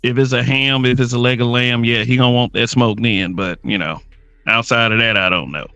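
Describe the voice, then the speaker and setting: A man hosting a livestream talk show, moderating in a laid-back, halting way with many fillers. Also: medium pitch, steady tone, pushed and bright, smooth, no echo, faint music behind.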